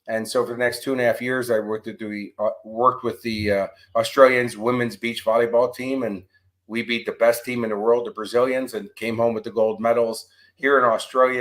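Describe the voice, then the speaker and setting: A man on a podcast as a guest coach and author, telling lively stories and acting out the exchanges he quotes. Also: mid-range voice, rough recording. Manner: animated storyteller, acts out quoted exchanges. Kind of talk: storytelling podcast interview. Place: abroad in Australia, remote interview.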